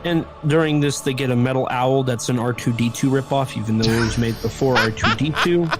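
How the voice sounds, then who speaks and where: A man's voice: mid-range voice, brisk, faint music behind. A man co-hosting a podcast, giving a rambling, jokey plot recap in casual chat. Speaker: podcast co-host.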